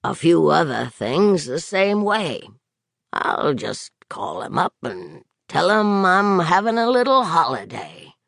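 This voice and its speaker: A man's voice: a little high, very animated, takes it slowly, gravelly, fairly bright tone, no echo, clean studio sound, full character voice. A man voicing a plain-spoken, folksy middle-aged working-class mechanic. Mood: easygoing.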